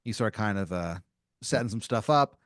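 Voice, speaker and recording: Male host, lower voice, playful rambling improv narrator, dry close mic. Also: lively intonation, moderate pace, dry recording. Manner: rambling, filler-heavy, playful. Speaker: podcast host running an improvised story. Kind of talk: improvised storytelling.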